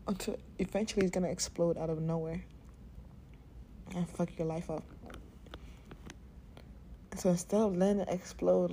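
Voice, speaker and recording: A woman hosts her own podcast without notes, speaking in a relaxed, mellow voice at an ordinary pitch. She is frank and swears casually, laughs often, and sometimes drops to a soothing near-whisper. A faint hiss of background noise sits under her voice. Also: normal speed. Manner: candid and profane, with frequent laughs; soft, soothing and half-whispered in places. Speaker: podcast host. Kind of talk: unscripted podcast monologue.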